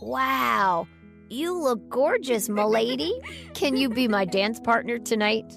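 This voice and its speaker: Woman reading the teen boyfriend, high-pitched, courtly and gallant, narrated story. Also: expressive, slow, gravelly, fairly bright tone, faint music behind, full character voice. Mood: charming. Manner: courtly, then alarmed. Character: young male boyfriend, teen.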